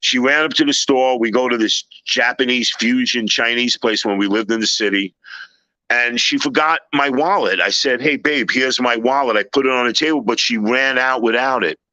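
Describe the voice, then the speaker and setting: A man on a talk panel telling a personal story in a casual, animated way, with many halting restarts and loud acted-out quotes. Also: mid-range voice, no room sound, poor audio. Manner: animated, loud when acting out scenes. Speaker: panel guest.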